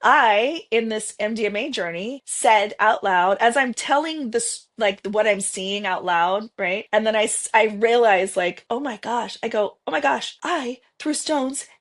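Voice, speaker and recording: A woman in her fifties talks as a podcast guest in a loose, meandering storytelling style. She often starts over and acts out her own remembered words. Her voice sits at a mid pitch. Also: measured pace, hardly any pauses. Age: 50s. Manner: rambling, with restarts and self-quoting. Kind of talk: casual storytelling interview.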